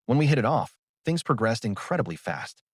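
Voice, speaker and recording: A man's voice: medium pitch, sing-song, a little fast, breathy edge, dry recording, studio quality. Teasing young woman, voiced by a man. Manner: sweet and playful.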